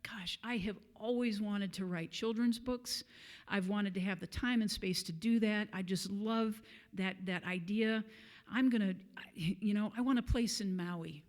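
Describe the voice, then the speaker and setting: A preacher voicing a woman office supervisor dreamily describing her wish, partly hushed. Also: mid-range voice, close to an everyday voice.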